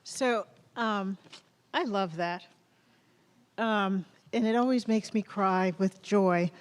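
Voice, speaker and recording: A woman's voice: medium pitch, slow. A woman college president with a Southern accent, giving a chatty, encouraging welcome speech from a lectern mic in a large theater. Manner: chatty, encouraging, rising to loud rallying questions. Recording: long reverb of a large theater.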